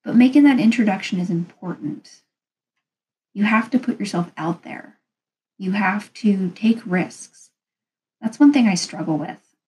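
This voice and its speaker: A woman's voice: mid-range voice, expressive, a little slow, long pauses, a little mellow, a little hiss or hum, low-quality recording. A woman vlogger giving casual advice, talking frankly and rambling a little. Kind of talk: casual advice talk to camera.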